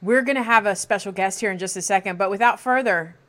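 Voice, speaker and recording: A woman's voice: medium pitch, fast, fairly bright tone. Bubbly woman podcast co-host. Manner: bubbly, enthusiastic. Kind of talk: casual podcast chat.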